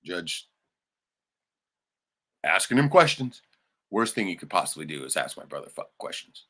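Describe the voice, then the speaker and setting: A man's voice: rumbling low, pushed and bright. A man hosting a livestream, ranting heatedly and swearing, with laughing asides. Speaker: livestream host.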